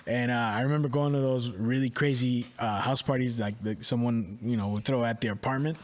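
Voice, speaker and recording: A man's voice: mid-range voice, steady tone, brisk. A man hosting a podcast, chatting casually with slang and easy laughter. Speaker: podcast host.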